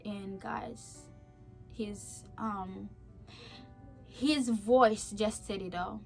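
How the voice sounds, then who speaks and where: A young woman giving an earnest personal faith testimony, heartfelt and emotional, talking in a chatty way with many fillers and swinging from soft to emphatic. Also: mid-range voice, steady tone, a little slow, gravelly, faint music behind. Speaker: vlogger sharing a faith testimony.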